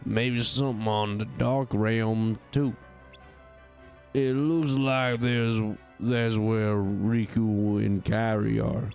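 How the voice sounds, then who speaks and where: A man's voice: on the low side, flat delivery, takes it slowly, creaky, a little mellow, faint music behind, pitched below the performer's own voice. A man doing a laid-back middle-aged mechanic with a put-on Californian accent, reading along with a game.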